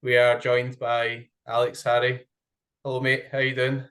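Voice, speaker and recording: A man's voice: mid-range voice, monotone, moderate pace, a bit bright. A man hosting a casual chat with a friend, upbeat and laughing easily, with plenty of ums. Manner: chatty, laughs often, says um a lot. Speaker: host.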